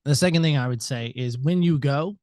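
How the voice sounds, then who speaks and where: A man's voice: medium pitch, brisk, dry recording. A man from the United States, a podcast guest, talking reflectively and at length. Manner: talkative, reflective, varies loudness a lot. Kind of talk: reflective interview talk.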